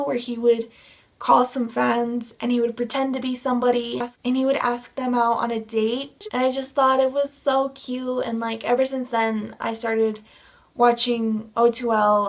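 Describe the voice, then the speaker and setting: Young woman vlogger, excitable storyteller, a little high-pitched, casual chat. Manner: gushing, excitable fangirl storytelling.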